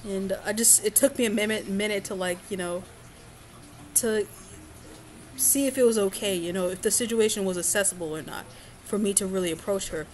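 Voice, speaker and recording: A woman's voice: medium pitch, a little fast, a little mellow. A woman vlogger telling a personal story in a casual, rambling way, with frequent fillers and restarts.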